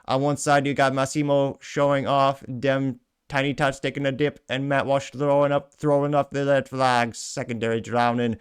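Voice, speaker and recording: A man's voice: mid-range voice, level tone, clear, resonant tone, lightly acted. A man putting on a mock Jamaican-accented voice. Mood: playful. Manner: drawn-out, sing-song, clumsy put-on accent.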